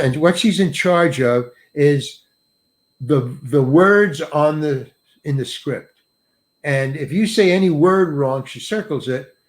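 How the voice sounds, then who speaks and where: An older male actor telling a self-mocking anecdote in an interview, acting out the people he quotes. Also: medium pitch. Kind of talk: storytelling in an interview.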